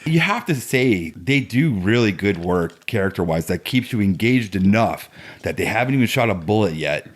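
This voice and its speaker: A man's voice: fairly low pitch, lively intonation, moderate pace. A man guesting on a podcast, chatting keenly about a film in long run-on thoughts. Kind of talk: casual film discussion.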